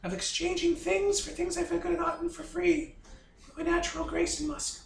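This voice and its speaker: High-voiced playful woman, roomy distant sound. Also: fairly even intonation, moderate pace, creaky. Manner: playful, goofy, boastful. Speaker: tabletop player. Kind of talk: casual in-character play. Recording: roomy, distant mic with faint noise.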